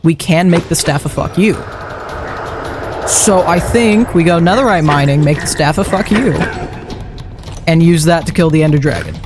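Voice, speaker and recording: A man's voice: on the high side, normal speed, long pauses, noisy background. Chatty man streaming a game. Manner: chatty, muttering thoughts aloud while playing. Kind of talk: live game-stream commentary. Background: faint background music.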